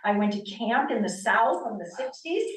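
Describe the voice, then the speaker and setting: A woman's voice: on the high side, normal speed. Older woman telling stories in an echoey hall. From northern United States. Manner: animated, acts out quoted dialogue. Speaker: guest speaker on yoga. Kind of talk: personal storytelling talk. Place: church hall. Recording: echoey room, distant mic.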